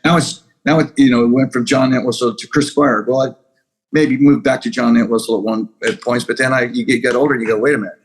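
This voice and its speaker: A man's voice: mid-range voice, steady tone, fast talker, husky, rough recording. A man being interviewed as a guest musician, talking loosely and rambling with many restarts. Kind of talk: casual interview chat.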